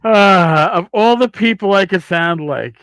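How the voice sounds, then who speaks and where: A man's voice: high voice, a little slow, a bit bright, no room sound. A man with a Queens, New York accent hosting a podcast, telling profane, rambling stories in casual chat. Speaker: podcast host.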